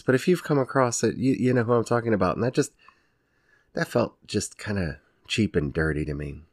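A medium-pitched man in his forties, an Ozarks native with an Ozark Southern accent, hosts a casual solo podcast recorded dry in studio quality. He keeps things chatty and makes fun of himself, with frequent laughs and restarts.

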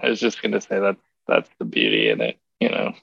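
A man hosting a podcast, chatting in a relaxed, joking way. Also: low voice, quick pace, gravelly, breathy edge, no echo, highs cut off. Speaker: podcast host. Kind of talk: casual chat.

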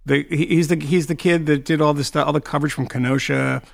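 Gravelly man hosting a rambling chat. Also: on the high side, fairly even intonation, fast talker, no echo, studio quality. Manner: rambling storyteller, many fillers. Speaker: podcast host. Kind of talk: casual panel chat.

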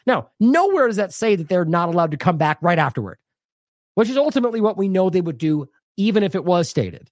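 A man's voice: sits high, big pitch swings, a little fast, a little mellow, no echo, clean studio sound. A man hosting an independent news show, delivering indignant, sarcastic commentary with heavy emphasis.

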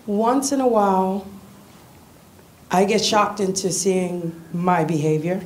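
A woman visiting a church, giving a tearful, halting personal testimony with nervous laughs. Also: medium pitch, steady tone.

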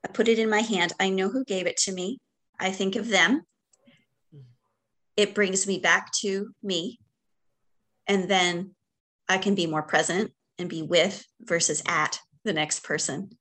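A middle-aged woman talks as a podcast guest in casual conversation. Her voice sits at a moderate pitch. She is reflective and warm, pausing on fillers and breaking into light laughter. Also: fairly even intonation.

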